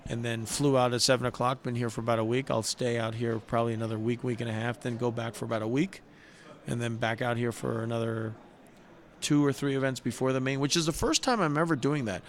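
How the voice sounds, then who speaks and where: A man's voice: medium pitch, fairly quick. A middle-aged man, a poker player guest on a show, telling personal stories in an earnest, heartfelt way with frequent restarts. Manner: heartfelt, earnest, animated retelling with many restarts. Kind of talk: conversational storytelling.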